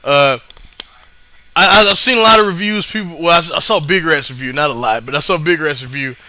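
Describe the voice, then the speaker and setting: Excitable man rambling casually, bright voice. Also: fairly high pitch, brisk, dry recording. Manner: rambling, excitable, lots of fillers and restarts. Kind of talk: casual recap of live events.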